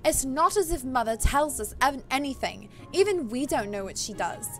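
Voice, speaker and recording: A woman's voice: high-pitched, expressive, moderate pace, faint music behind. A woman voicing a bossy, haughty young stepsister with a put-on posh accent, reading a visual novel aloud. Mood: cold. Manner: cold, imperious, dismissive.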